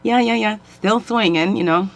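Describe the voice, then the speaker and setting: Here the middle-aged, self-described medicine woman has a mid-range voice at normal speed. She chats aimlessly to the camera, laughing a lot and telling giggly, animated stories.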